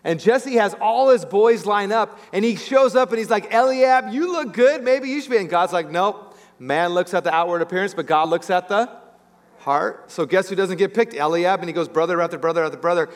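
A man preaching a sermon as pastor, telling a Bible story with lively acted-out voices. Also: high-pitched, a little fast, long reverb tail. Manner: animated storytelling, acting out biblical characters.

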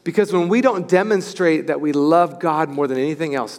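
A man preaching a sermon as pastor, animated, swinging from loud to hushed. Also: fairly high pitch, normal speed, few pauses. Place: church sanctuary. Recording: echoey hall with music.

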